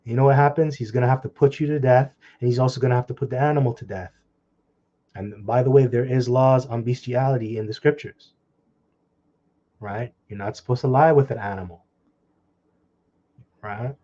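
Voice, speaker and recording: A man preaches in a dark, mellow voice, reading scripture slowly and then breaking into heated, scornful commentary. His speech is full of crude insults and short laughs. The recording sounds dull and lo-fi. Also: medium pitch, fairly even intonation. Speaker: online preacher.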